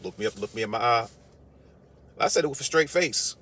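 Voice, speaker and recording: A man delivering an animated storytelling monologue, emphatic and incredulous, his voice climbing when he gets worked up. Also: mid-range voice, a little fast, husky. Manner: emphatic, incredulous, rises sharply when outraged.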